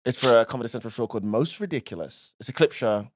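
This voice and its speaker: A man's voice: medium pitch, quick pace, a little hiss or hum. A man with a Black Country accent and a noticeable lisp on his s and f sounds, co-hosting a casual comedy chat. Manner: animated, laughing, self-mocking. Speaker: podcast co-host.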